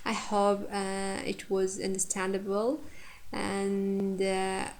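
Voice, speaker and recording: A woman teaching pronunciation, saying each example word slowly and twice to show where the stress falls. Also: medium pitch, completely flat delivery, darkish tone, low-quality recording. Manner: slow and deliberate, repeating example words with stress. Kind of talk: lesson.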